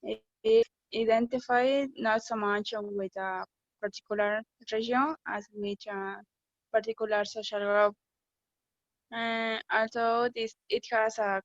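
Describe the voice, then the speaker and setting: Slow, halting young woman on dull audio. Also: on the high side, steady tone, dry recording. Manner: halting, reading with hesitations. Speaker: student presenter. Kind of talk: class presentation. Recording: dull lo-fi dry recording.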